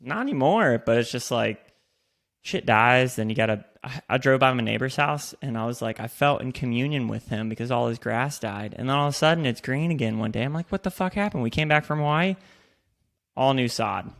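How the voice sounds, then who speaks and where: Podcast co-host, male, gravelly, jokey and profane, casual banter. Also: medium pitch, a little fast, a bit bright. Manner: joking, swears freely. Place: in Austin.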